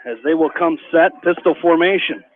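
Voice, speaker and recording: High-voiced radio play-by-play man. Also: faint music behind. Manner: rapid, rising excitement on big plays. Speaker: play-by-play announcer. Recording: tinny phone-like radio broadcast with faint hiss.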